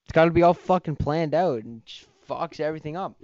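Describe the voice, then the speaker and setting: A man's voice: a little high, a little fast, a little mellow, no room sound, highs cut off. A man hosting a podcast, ranting in a heated, profane, rambling way. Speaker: podcast host. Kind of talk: casual podcast rant.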